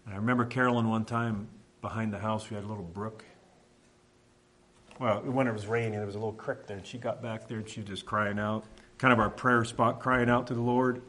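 A middle-aged man from Washington telling a personal faith testimony in a halting, reflective way, often pausing and restarting. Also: mid-range voice, fairly even intonation, fairly bright tone. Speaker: speaker sharing a testimony.

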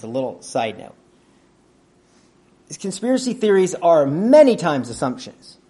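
A man preaching a sermon in a conversational teaching manner, often asking his listeners questions and clearing his throat. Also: on the high side, darkish tone.

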